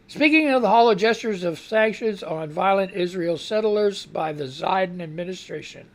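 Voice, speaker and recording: A man's voice: high-pitched, expressive, moderate pace, few pauses. A man runs a live radio news show, reading headlines off the screen. He keeps drifting into rambling commentary and exasperated outbursts, and he sounds like he is fighting back a cough. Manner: rambling, reads headlines aloud and reacts with outbursts.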